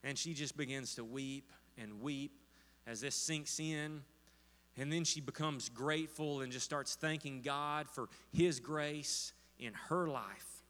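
In a church sanctuary with long hall reverb, a pastor tells a story during his sermon. His voice sits in the mid-range, slightly bright, and he speaks slowly, often using fillers and restarting his sentences.

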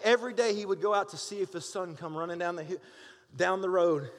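A middle-aged man with a notably high voice delivers a conversational sermon, checking in with the congregation as he goes. His words trail off into the long reverb of a large church sanctuary. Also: fast. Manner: lively and conversational, asks the crowd for amens. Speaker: pastor.

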